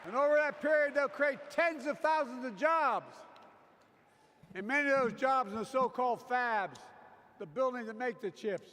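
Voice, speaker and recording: A man with a very high voice delivering a convention speech in a rallying, emphatic way. His words ring out with a long hall echo, and a faint noise sits underneath. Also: expressive, normal speed, a bit bright. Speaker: politician giving a speech.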